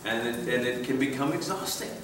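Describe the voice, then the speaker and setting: A man's voice: medium pitch, brisk, fairly bright tone, slight background noise. A man giving a church conference talk to a room, conversational and wry, often breaking off for asides. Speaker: conference speaker. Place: large room. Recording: echoey room, mic at a distance.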